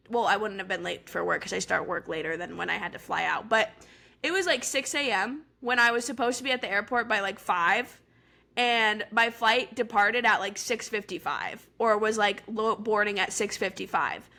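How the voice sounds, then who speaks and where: Young woman, podcast co-host, casual storytelling, chatty filler-heavy delivery, fairly high voice, crisp bright tone. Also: normal speed.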